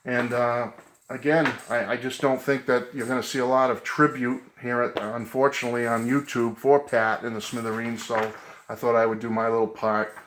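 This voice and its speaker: In a roomy recording with a little hiss or hum, a middle-aged male vlogger speaks from his music room at home in a medium-pitched, flat, fairly bright voice at normal speed. He talks casually and earnestly to his viewers in a tribute vlog, rambling a bit with frequent ums and uhs.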